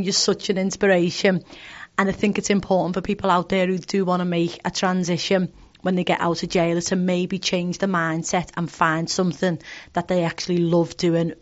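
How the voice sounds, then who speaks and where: Flat-toned woman interviewer. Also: lowish voice. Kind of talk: interview questions. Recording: dull lo-fi recording.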